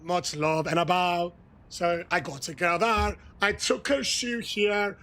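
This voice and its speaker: A male streamer hypes up his viewers with a high, gravelly voice that breaks into rowdy shouts. He drags his words out slowly between cheers and countdowns. Faint music plays underneath. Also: fairly even intonation. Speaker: livestreamer. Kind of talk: hyped livestream chat with viewers.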